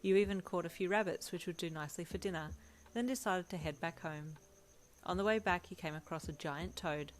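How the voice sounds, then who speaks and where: Woman, lowish voice, story narration, second person, steady read-aloud. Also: brisk, a little hiss or hum. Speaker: fanfiction reader.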